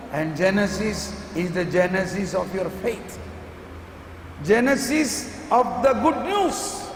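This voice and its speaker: A man's voice: extremely high pitch, gravelly. A man preaching a sermon at a family retreat, emphatic and full of rhetorical questions. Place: large church hall. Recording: echoey hall, faint room noise.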